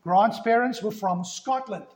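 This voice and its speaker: South African pastor preaching, echoey church. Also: male voice, high voice, a little slow. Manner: storytelling, asks rhetorical questions. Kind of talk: sermon. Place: church sanctuary. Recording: roomy church echo.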